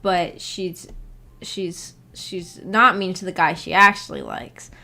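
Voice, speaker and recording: A woman's voice: fairly low pitch, slow, gravelly, bright, forceful tone. Giggly, rambling woman streamer. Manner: rambling, giggly, self-correcting. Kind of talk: casual livestream chat.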